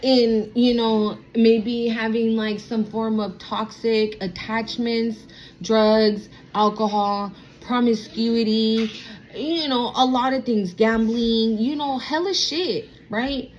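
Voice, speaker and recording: A woman's voice: fairly high pitch, fairly even intonation, slow, lo-fi sound, slight background noise. A woman in her thirties giving a casual spiritual vlog as a tarot reader, talking in a sassy, blunt way with plenty of slang and swearing.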